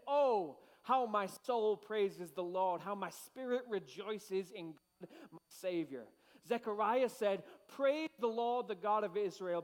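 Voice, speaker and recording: Pastor, male, high-pitched, playful crowd-rouser; reverberant church hall. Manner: playful, hyped crowd-rousing with shouted cues. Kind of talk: energetic sermon to a congregation.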